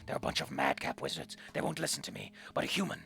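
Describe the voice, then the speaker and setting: Streamer putting on a curt female dark elf artist, gravelly whisper, very low and craggy, bright edge, faint game music behind. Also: wildly swooping pitch, quick pace, full character voice. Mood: gruff. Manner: curt, guarded.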